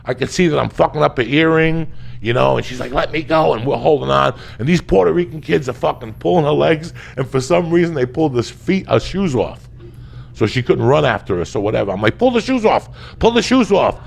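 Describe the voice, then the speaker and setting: Gravelly jersey-raised guy, cursing through a story, shouting then muttering. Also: fairly quick. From New Jersey and New York area. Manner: profane, loud and emphatic, swinging between shouting and low muttering. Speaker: guest storyteller on a podcast. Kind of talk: animated comedic storytelling.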